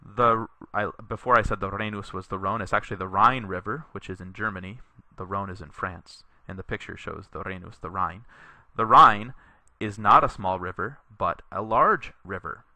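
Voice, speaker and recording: A man teaches a Latin lesson in a recorded tutorial, reading each sentence slowly so learners can repeat it. His voice sits a little low yet sounds very bright. The sound is dry and close, with no room around it. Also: dry recording. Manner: slow, deliberate reading aloud for learners to repeat; explanatory, patient, with fillers.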